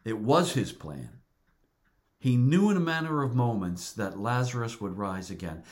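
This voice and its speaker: A middle-aged male pastor preaching a sermon, earnest and deliberate, repeating words for emphasis. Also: mid-range voice, very animated.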